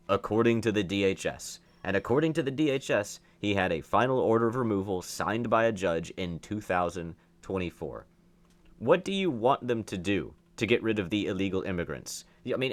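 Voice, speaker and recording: A young man with a fairly low voice speaks in a heated opinion monologue. He turns sarcastic and indignant, often restarting and repeating words as he argues his point. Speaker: political commentary YouTuber.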